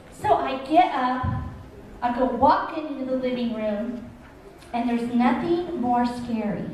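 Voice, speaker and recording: A woman's voice: high voice, darkish tone. A woman telling a funny story at church story time, acting out her own reactions with gasps and laughs. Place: church hall. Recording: echoey hall from far off, room noise.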